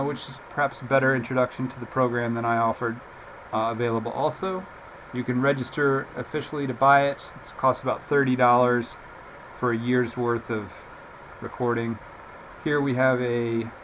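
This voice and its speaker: A man giving a casual, relaxed software demonstration, talking haltingly with frequent fillers. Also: medium pitch, a little hiss or hum, poor audio. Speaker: software reviewer. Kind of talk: casual screen-recorded software demo.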